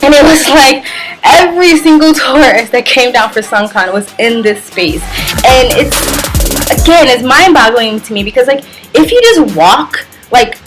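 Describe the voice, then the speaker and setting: A young woman vlogger telling a story in a casual, animated way, full of fillers and little laughs. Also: high voice, a little slow, music in the background, rough recording. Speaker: travel vlogger.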